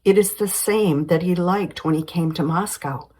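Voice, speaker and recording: A woman reading the lines of a polite, fatherly older male doctor in a screenplay, in her own husky voice. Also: on the low side, moderate pace, dark tone, rough recording. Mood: cordial.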